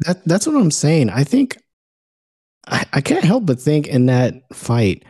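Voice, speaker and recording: A man's voice: on the high side, wildly swooping pitch, unhurried, darkish tone, husky, dry recording, studio quality. A man in a casual sports chat who stumbles over repeated words when he starts a thought. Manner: stammering repeats, laughs easily.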